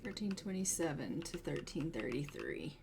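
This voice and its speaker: A woman's voice: low voice, very animated, moderate pace, creaky, noisy background. A woman hosting a gaming video, chatting casually over her play and voicing her characters' reactions. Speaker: gaming channel host. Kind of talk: casual let's-play commentary.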